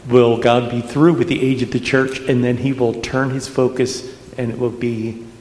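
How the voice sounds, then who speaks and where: A man from the audience asking a question in a measured, careful way. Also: medium pitch, little pitch movement, a little mellow, a little hiss or hum. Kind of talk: question from the floor. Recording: echoey hall with faint ambience.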